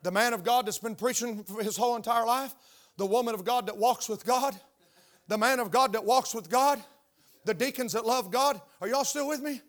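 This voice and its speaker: A man's voice: very high-pitched, normal speed. An older man preaching a sermon in church, emphatic and questioning his congregation as he talks. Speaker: pastor. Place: church sanctuary.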